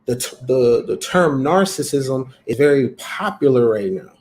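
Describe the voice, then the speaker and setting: A man's voice: mid-range voice, animated, measured pace, a little mellow. A man hosting a livestream talk, speaking in an emphatic, preachy way and repeating phrases for effect. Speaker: host.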